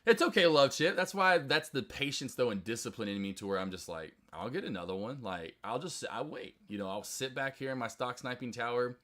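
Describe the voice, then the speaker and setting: Bright-voiced excitable male stream host. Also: medium pitch, brisk, hardly any pauses. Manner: excitable, chatty, quotes others in loud outbursts. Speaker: stock trading livestream host. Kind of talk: casual live-stream chat to viewers.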